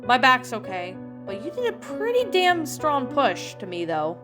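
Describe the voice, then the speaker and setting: A woman's voice: high-pitched, measured pace, over music, voice pushed up, heavily acted. A woman reading a fan story aloud, voicing a friendly, caring pirate captain who is a man. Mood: concerned. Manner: calm, caring.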